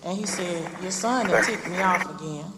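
A mother recounting memories of her son, retelling their conversations slowly and with feeling. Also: fairly low pitch, reverberant, big-room sound, very noisy. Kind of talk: personal testimony.

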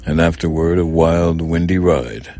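A man narrating an audiobook in an even, measured reading. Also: sits low, dry recording.

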